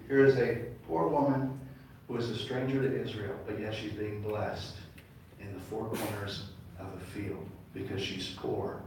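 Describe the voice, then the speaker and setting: Rabbi preaching in an echoey hall. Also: male voice, fairly low pitch, fairly even intonation, a little slow, a little mellow, slight background noise. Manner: call-and-response with congregation. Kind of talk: sermon. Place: large congregation hall. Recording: echoey hall, mic far off.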